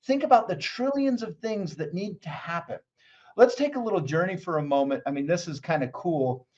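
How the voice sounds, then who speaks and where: A man's voice: sits high, lively intonation, a little fast, darkish tone, highs cut off. A man who is a mindset coach, talking as a guest in a conversational interview, enthusiastic and motivational as he tells stories.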